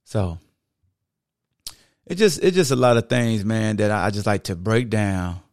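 A podcast host chats casually into a microphone, acting out the things fans say to him. His voice is fairly low and darkish at a measured pace, recorded cleanly in a studio with no room sound.

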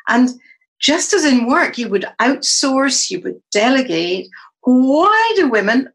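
A woman's voice: high voice, slow pace, vocal fry, low-quality recording. A middle-aged woman, a psychologist and coach, speaking as a podcast guest and acting out the dialogue she quotes as she tells stories. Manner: animated storyteller who acts out quoted dialogue.

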